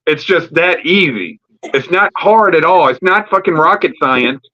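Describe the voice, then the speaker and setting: A man hosting a live wrestling talk stream, ranting casually and profanely about storylines, rambling with fillers and acting out quick promo bits. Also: a little high, expressive, pushed and bright, a little hiss or hum. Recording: lo-fi streamed audio.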